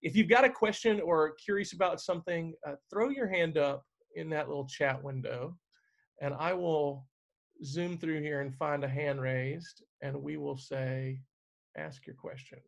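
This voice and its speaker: A man's voice: on the high side, a little slow, creaky. A middle-aged man, a stage manager, chatting casually on a video call, with lots of fillers and restarts. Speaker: guest stage manager answering questions.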